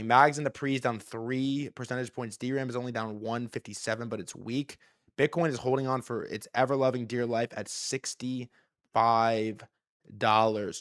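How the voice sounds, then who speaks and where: A man in the middle of his range, talking fast and cursing freely as he hosts a live market stream. His delivery is heated and excitable. The recording is dry and close, with no room sound. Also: medium pitch, dry recording. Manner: profane, heated ranting. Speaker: livestream host.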